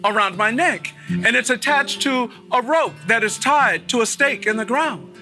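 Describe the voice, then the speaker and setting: A man voicing a well-fed, condescending male dog in a told fable, speaking lower, slower and with a superior air. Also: animated, creaky, bright, forceful tone, soft background music, exaggerated voice. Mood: explaining.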